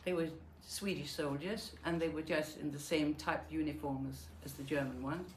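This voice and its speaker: Speaking at a moderate pace in a low voice with fairly even intonation, this older woman from Denmark recounts her own experiences of the war. She is a Holocaust survivor giving a memoir talk, and she brings the story to life by performing the dialogue. Faint noise and echo fill the room.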